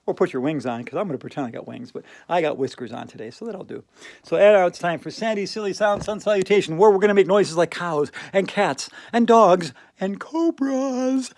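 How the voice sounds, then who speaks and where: A woman's voice: lowish voice, brisk, darkish tone. A woman hosting a playful yoga routine, giggling and laughing through the poses. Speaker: yoga video host.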